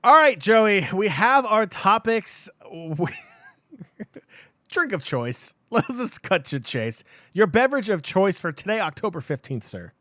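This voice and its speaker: Upbeat male podcast host, lively pitch. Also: slow pace, dry recording, clean studio sound. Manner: upbeat, hypes the show with cheers. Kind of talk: casual live-stream chat.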